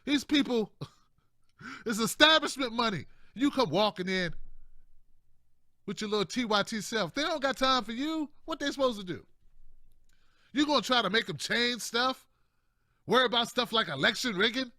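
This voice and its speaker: A man's voice: very high-pitched, expressive, moderate pace, long pauses, pushed and bright, dry recording, clean studio sound. A man hosting casual political commentary, talking in a slangy, repetitive, chatty way with frequent laughs.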